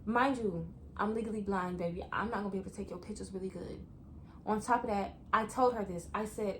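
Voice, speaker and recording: A young woman vlogger telling a story to her viewers in a chatty, animated way. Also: medium pitch, brisk, a little hiss or hum. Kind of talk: story time vlog.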